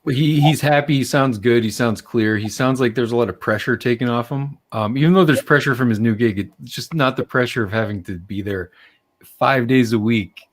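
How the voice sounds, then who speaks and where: A man's voice: mid-range voice, normal speed. A man co-hosting a podcast, talking in dry, sarcastic and profane casual banter. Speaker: podcast co-host.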